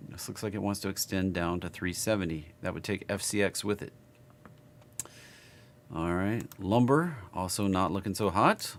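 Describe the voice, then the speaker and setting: A man's voice: low-pitched, moderate pace, slight background noise. A man with a Southern US accent giving casual live market chart commentary, rambling and thinking aloud as he works. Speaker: market analysis streamer.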